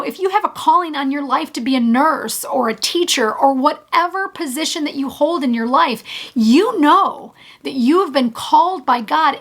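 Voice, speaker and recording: A woman with a high voice speaks in an earnest, encouraging way in a heartfelt devotional talk. She often halts and restarts mid-phrase as she presses her point. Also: fairly bright tone. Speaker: ministry leader.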